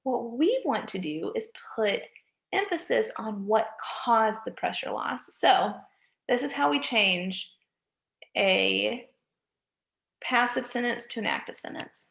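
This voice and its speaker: A woman's voice: a little high, expressive, takes it slowly, gravelly, a bit bright. A woman, a college writing instructor, giving a recorded lecture, often checking in with "okay?" and correcting herself mid-sentence. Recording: echoey room.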